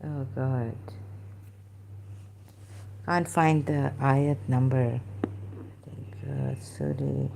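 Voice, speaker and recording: A woman's voice: extremely low pitch, steady tone, very slow, vocal fry, long pauses, darkish tone, a little hiss or hum. A woman speaking casually to camera, hesitant and searching aloud with many fillers and restarts as she looks up verses. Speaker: ex-Muslim commentator. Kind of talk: casual monologue while looking up verses.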